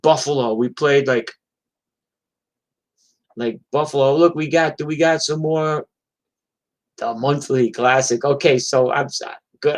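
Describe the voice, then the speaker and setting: A man's voice: medium pitch, low-quality recording. A man, a touring musician, telling road stories in a casual, profane, rambling way. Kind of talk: casual storytelling on a livestream.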